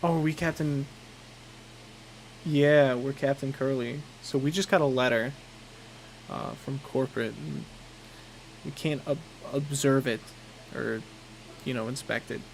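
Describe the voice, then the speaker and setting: A man's voice: mid-range voice, steady tone, unhurried, creaky, long pauses, poor audio. A tired man giving casual, rambling commentary while playing a game, with a faint air conditioning hum. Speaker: gamer. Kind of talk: casual let's play commentary.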